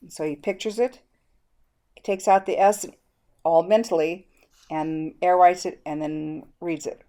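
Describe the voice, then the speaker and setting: Low, mellow-voiced woman presenting a lesson. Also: fairly even intonation, unhurried, long pauses. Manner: explanatory, demonstrating teacher prompts. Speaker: educator presenting a reading method. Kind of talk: teaching presentation.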